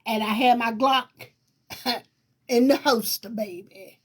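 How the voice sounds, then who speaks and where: A middle-aged woman from Virginia, a talk show host, telling a personal story to viewers in a lively, emphatic way, often laughing. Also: on the high side, slow pace, slightly rough.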